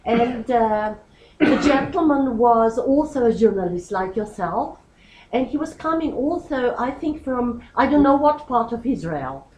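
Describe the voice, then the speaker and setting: A woman's voice: a little high, lively intonation, darkish tone. Chatty woman asking from the audience. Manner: chatty, halting with fillers. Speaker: audience member. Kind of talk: audience question. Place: lecture hall. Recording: echoey hall with faint noise.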